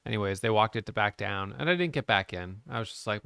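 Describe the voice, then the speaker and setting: Smooth-voiced man, frank trade recap. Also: fairly low pitch, animated, fast talker, pushed and bright, no room sound, clean studio sound. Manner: frank, self-critical, talks through charts. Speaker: day trader reviewing his trades. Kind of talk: casual trade recap over charts.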